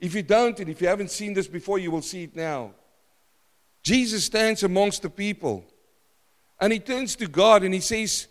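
A man preaching a sermon, animated and repeating phrases for emphasis. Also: sits high, normal speed, long reverb tail.

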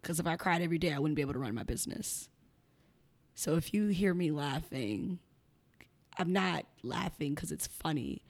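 A woman's voice: low-pitched, animated, normal speed, a little mellow. A young adult woman speaking as a podcast guest, talking frankly and bluntly and laughing often. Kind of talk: candid conversational interview.

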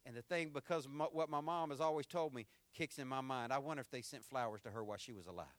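A middle-aged man preaching a sermon as pastor, telling stories with animation and swinging from loud punchy lines to hushed tender ones. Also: medium pitch, quick pace, no echo.

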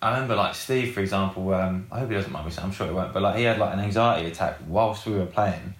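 Low-voiced guitarist, rambling. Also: male voice, fast. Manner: rambling, heavy on fillers and swearing. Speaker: guest, rock band guitarist. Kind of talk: casual interview chat. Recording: roomy echoey room.

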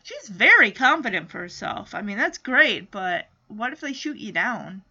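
A woman's voice: a little high, sing-song, moderate pace, sharp tone. A woman recapping a TV episode in a casual chat, joking and adding indignant asides. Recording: dull lo-fi audio.

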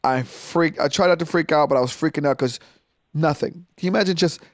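A man co-hosting a casual podcast chat, an animated storyteller who keeps cracking jokes. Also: fairly high pitch, a little fast, no echo, clean studio sound. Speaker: podcast co-host.

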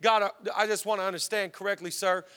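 A man's voice: sits high, fairly even intonation, fast, bright, forceful tone, clean tone. A man voicing an exasperated biblical prophet who stammers and pleads in disbelief. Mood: incredulous.

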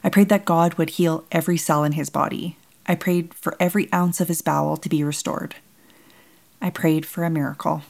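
A woman narrating her own memoir as a mother, in measured, solemn, short plain sentences. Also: on the low side, fairly even intonation, gravelly, darkish tone. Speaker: bereaved mother telling her story. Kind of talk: first-person memoir narration.

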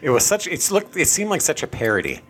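A man co-hosting a podcast, talking in a crude and animated way. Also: a little high, fast talker, soft background music. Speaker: podcast co-host. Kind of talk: casual chat.

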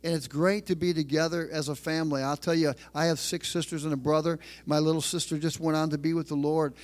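A middle-aged man delivers a sermon from a church pulpit in a slightly raised voice. He preaches emphatically, circling back to repeated phrases and slowing down to stress key lines. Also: a little high. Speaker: pastor.

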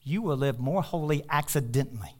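A man preaching a sermon as pastor, passionate, climbing into loud, high bursts and then dropping to soft, low asides. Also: fairly quick. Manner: animated storytelling with laughter.

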